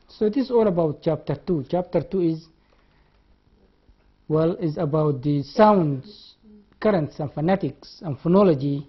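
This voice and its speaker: A university lecturer from Sudan, medium-pitched with a breathy edge, spells words aloud letter by letter during a classroom lecture. Key terms get repeated and sounds demonstrated, and the recording is dull and lo-fi.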